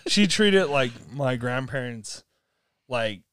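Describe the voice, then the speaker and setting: A young man chats casually, spinning a long, animated story full of laughs and acted-out quotes from the people in it. His medium-pitched voice is slow, clear and resonant, captured in a dry, studio-quality recording.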